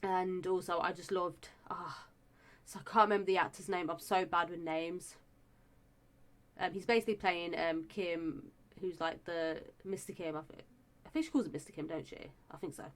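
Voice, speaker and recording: Gushing woman, slightly low voice. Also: fairly even intonation, normal speed. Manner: chatty and gushing, many fillers and restarts. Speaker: show reviewer. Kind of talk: casual review chat.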